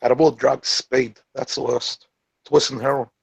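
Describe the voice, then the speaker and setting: A man's voice: mid-range voice, flat delivery, normal speed, gravelly, breathy edge. A man taunting someone in an online voice chat, needling her with repeated jibes. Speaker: voice chat room participant. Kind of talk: mocking online voice chat banter.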